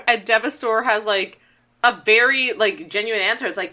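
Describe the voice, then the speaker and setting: A woman's voice: fairly high pitch, a little slow, bright, forceful tone. A woman chatting casually as a podcast co-host, recapping a cartoon episode with amusement and quoting the characters' lines. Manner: amused, quotes characters in bits.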